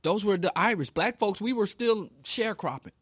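A man's voice: sits high, lively intonation, moderate pace, fairly bright tone, breathy edge, no room sound, clean studio sound. A man from Kansas City giving an impassioned talk, emphatic and preachy, with rhetorical questions. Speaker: speaker.

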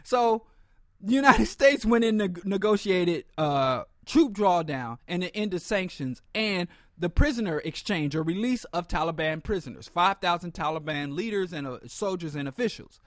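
A man's voice: high-pitched, lively intonation, normal speed, a bit bright, no echo, clean studio sound. A man hosting a podcast, delivering a blunt, sardonic political commentary monologue and often stumbling and repeating words. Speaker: podcast host.

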